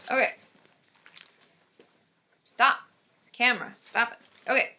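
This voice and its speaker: Bright, gushing woman on a livestream. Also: on the high side, normal speed, slight background noise. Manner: gushing, excitable, lots of gasps and exclamations. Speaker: therapist hosting a livestream. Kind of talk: casual live-stream chat.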